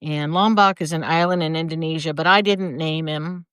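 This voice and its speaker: A woman's voice: sits low, steady tone, moderate pace, fairly bright tone, clean tone, no room sound, clean studio sound. An older woman rambling casually on a live video from her front porch, greeting viewers by name. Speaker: livestreamer. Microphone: phone or camera for a live video.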